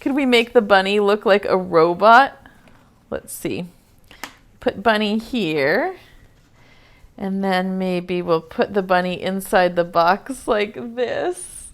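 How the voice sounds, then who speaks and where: Reading a picture book to preschoolers over video, a woman speaks slowly in a mid-range voice. She is gentle and playful and stops to ask the children questions.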